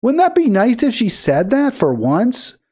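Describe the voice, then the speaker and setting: A man's voice: very high voice, huge pitch swings, measured pace, a little mellow, slight background noise. A man commenting on played clips, indignant and emphatic, his voice rising into heated bursts. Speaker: political commentator.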